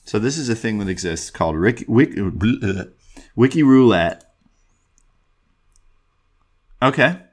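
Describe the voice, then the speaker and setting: A man's voice: fairly low pitch, expressive, slow, long pauses. A man hosting a solo podcast from his desk, rambling and self-deprecating with lots of ums and restarts. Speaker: podcast host.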